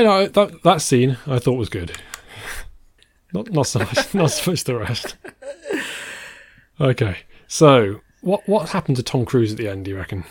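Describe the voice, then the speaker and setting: A man's voice: medium pitch, no echo. A man co-hosting a podcast about films, in a rambling, casual chat that often trails off into a laugh. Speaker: podcast co-host.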